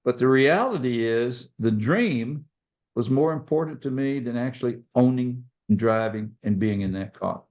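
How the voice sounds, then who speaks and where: A man recounting a personal story as a podcast guest. He is an animated storyteller who slips into the voices of the people in the story. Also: mid-range voice, normal speed, highs cut off.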